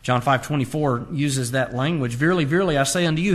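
A man's voice: on the high side, a little fast, few pauses. A man preaching a sermon, quoting scripture with emphatic rises and drops in his voice. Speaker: pastor.

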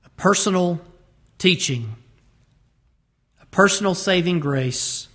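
A man with a fairly high voice delivers a sermon. He leans hard on key words, stretching some out slowly and rushing through others. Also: expressive, fairly bright tone. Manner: emphatic, varies pace to stress words. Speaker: preacher.

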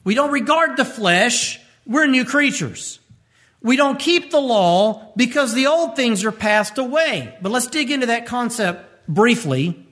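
Emphatic high-voiced male preacher. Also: animated, a little slow, fairly bright tone. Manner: emphatic preaching, repeats key phrases, pitch leaps up when stressing points. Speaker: pastor. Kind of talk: radio sermon.

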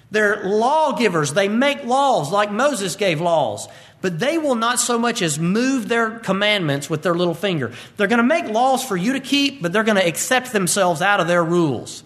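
Preaching expository style, a high-pitched pastor with a fairly bright tone reads Bible passages in a measured, King James rhythm. He then unpacks them quickly and forcefully, posing rhetorical questions as he goes.

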